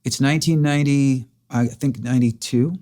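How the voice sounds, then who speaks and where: A man's voice: mid-range voice, fairly even intonation, moderate pace, warm tone. A man earnestly recounting a personal story in a casual chat, acting out the dialogue. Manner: earnest, emotional, re-enacts dialogue. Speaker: interviewer.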